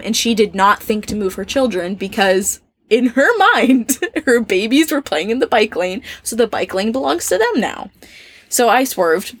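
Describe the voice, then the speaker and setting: A woman with an American accent, chatting casually as a podcast co-host in a camping trailer, animated, laughing often and acting out little quotes. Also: a little high, dry recording. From United States. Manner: animated and laughing, tells stories with mock quotes. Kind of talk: casual chat.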